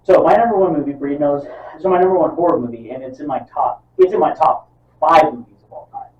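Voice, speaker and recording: A fairly high-voiced man talks quickly while co-hosting a casual podcast, swearing a lot and acting out movie scenes as he retells them. He's off-mic in a roomy space, so the sound comes across dull.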